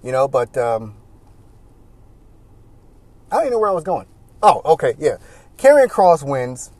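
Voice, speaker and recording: A man giving casual solo commentary as a wrestling reviewer, rambling and animated, with many "you know"s. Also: mid-range voice, moderate pace, no echo.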